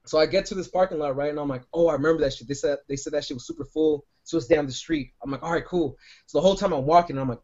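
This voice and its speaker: Man, podcast co-host, casual storytelling, profane and rambling, slightly high voice, dull lo-fi sound. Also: racing, a little mellow. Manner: rambling, profane, lots of "like" and "right?".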